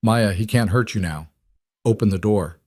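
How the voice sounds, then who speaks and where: A cold, controlled mafia boss voiced by a male narrator, his words low, clipped and commanding. The voice sits on the deep side and is recorded close and dry, like a storybook audio drama. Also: moderate pace, a little mellow, dry recording, close to an everyday voice. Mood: protective, firm.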